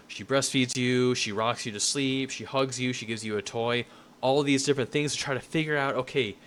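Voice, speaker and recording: A man's voice: mid-range voice, a bit bright. A man in his thirties giving a casual, conversational lecture to a room, rambling and full of restarts.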